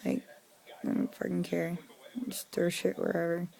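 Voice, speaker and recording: A young woman talks straight to camera in a casual vlog, low-pitched and gravelly, with a flat, mellow tone. She vents irritably and swears often, padding her speech with fillers, and she sounds worn out and down. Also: normal speed. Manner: profane, irritable venting with frequent fillers. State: low and weary. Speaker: vlogger.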